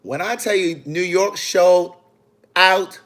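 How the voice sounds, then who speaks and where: A man, an author, chatting on a phone livestream in a sassy, animated way, talking straight to his viewers. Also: high-pitched, slow. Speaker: author hosting a live video. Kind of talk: casual livestream chat. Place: in the city after a book event.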